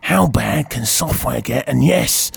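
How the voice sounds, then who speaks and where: A man's voice: medium pitch, animated, a little slow, vocal fry, slightly rough, no room sound. A man co-hosting a casual radio chat, reading reviews out dryly with chuckles between lines.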